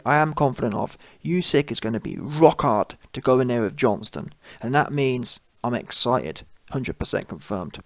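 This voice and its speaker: A man giving a blunt, mocking opinion monologue as a channel host, laughing at his own points. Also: mid-range voice.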